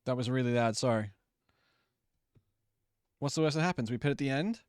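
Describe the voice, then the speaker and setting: A man's voice: medium pitch, a little fast, a little mellow, slight background noise. A young man streaming a racing game live, chatting casually, swearing freely and apologizing to viewers for audio trouble. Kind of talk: casual live gameplay commentary.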